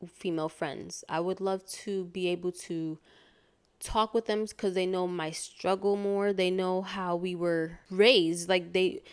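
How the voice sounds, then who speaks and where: A woman's voice: medium pitch, measured pace, smooth. A woman from Connecticut talking earnestly in a casual personal vlog, rambling with lots of fillers and restarts. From Hartford, Connecticut, USA. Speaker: vlogger.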